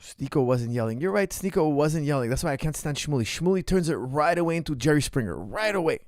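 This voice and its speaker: A man's voice: a little high, animated, quick pace, dry recording, studio quality. A man hosting a show as a coach, giving casual reaction commentary in short, repeated bursts. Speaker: martial arts coach and show host.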